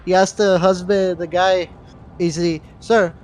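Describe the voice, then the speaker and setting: High-voiced man rambling in voice chat. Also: flat delivery, unhurried, darkish tone. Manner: loose, rambling, laughs and swears. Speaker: guest in voice chat. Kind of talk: casual voice chat.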